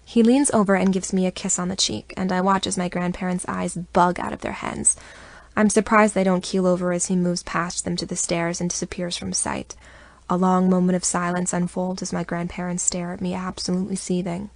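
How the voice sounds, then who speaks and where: A young adult woman narrates a first-person audiobook close to a studio mic, telling the story expressively yet evenly. Her fairly low, gravelly voice moves briskly, and the recording is dry.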